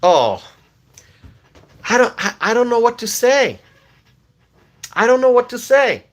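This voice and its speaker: This livestream host, originally from Bangladesh, has a very high voice and is very animated, though a little slow. He reads viewers' comments aloud, answering with repeated questions and laughter.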